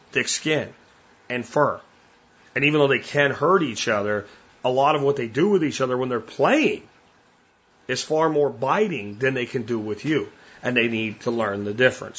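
A man's voice: medium pitch, fairly bright tone, husky, dull audio. A man hosting a solo podcast, speaking in a blunt, plainspoken way and repeating his key points for emphasis. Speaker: podcast host.

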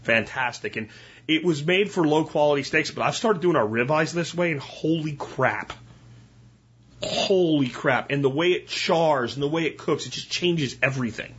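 A man's voice: a little high, a little fast, fairly bright tone, breathy edge, lo-fi sound. A man hosting a podcast, chatting through cooking tips in a casual, instructional way with frequent "right?" asides. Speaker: podcast host. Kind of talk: casual solo podcast talk.

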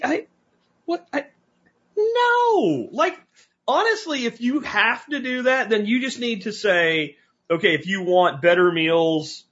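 A man hosting a podcast interview, talking in a blunt, animated, casual way with some cursing. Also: high-pitched, dull audio. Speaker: podcast host.

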